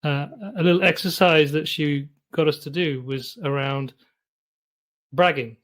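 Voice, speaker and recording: A British man hosting a podcast, with a fairly high voice. He asks questions in a reflective, thoughtful way. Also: fairly even intonation, measured pace, a bit bright. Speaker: podcast host. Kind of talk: casual podcast conversation.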